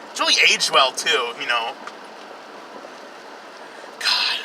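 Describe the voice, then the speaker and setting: A man's voice: a little high, expressive, slow pace, long pauses, background noise. A young man casually reviewing a film while driving, rambling, profane and sarcastic. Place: in a car, outdoors traffic.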